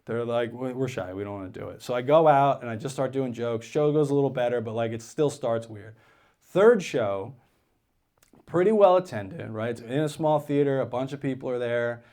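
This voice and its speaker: A man doing stand-up comedy, telling a story on stage and dropping into flat, low-voiced quotes of other people. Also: normal speed. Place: theater stage with a live audience.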